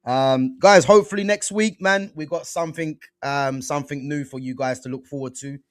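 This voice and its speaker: A man's voice: a little high, fairly even intonation, fairly quick, no room sound, studio quality. A young man hosting a casual football chat show, talking loosely with plenty of slang. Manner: laid-back, loose slangy talk peppered with "man" and "bro". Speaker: podcast host.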